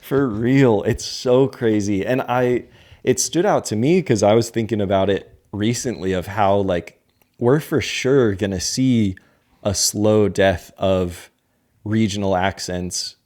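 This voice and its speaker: A man's voice: fairly low pitch, a little slow, darkish tone. A man co-hosting a podcast in casual chat, rambling and hedging with lots of filler words. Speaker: podcast co-host.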